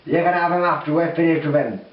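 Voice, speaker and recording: A man's voice: recorded from a distance, lightly acted. A man doing a sneering demon leader. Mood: gloating. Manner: slow sneering taunts, louder and higher. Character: menacing male demon leader, gloating. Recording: dull roomy recording from off-mic.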